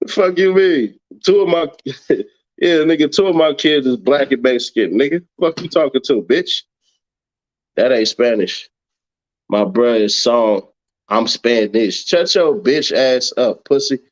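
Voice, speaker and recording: Animated and mid-range in pitch, a man hosts a late-night livestream at a measured pace, mocking his critics in a profane rant. His manner is brash and he laughs frequently, all captured in dull lo-fi stream audio.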